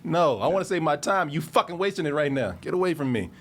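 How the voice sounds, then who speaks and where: Podcast co-host: high-voiced man who swings his pitch wide, swears freely, and laughs through his stories. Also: animated, fast, slight background noise. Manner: laughing, profane storytelling. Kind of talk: casual podcast chat.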